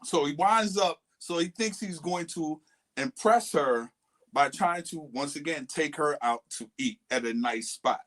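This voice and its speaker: A man's voice: fairly high pitch, a little slow, a bit bright. A man co-hosting a podcast, casually and animatedly retelling a friend's dating story with quoted lines. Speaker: podcast co-host.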